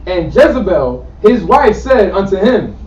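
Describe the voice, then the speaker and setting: Guy reading bible verses, high voice, echoey and muffled, far off. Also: big pitch swings, a little slow, a little mellow. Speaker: scripture reader. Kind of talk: reading scripture aloud. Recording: dull, echoey, from afar.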